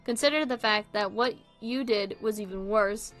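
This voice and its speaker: A young woman hosting a casual video, reading online posts and commenting in an animated way, swearing freely and laughing often. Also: medium pitch, moderate pace, faint music behind.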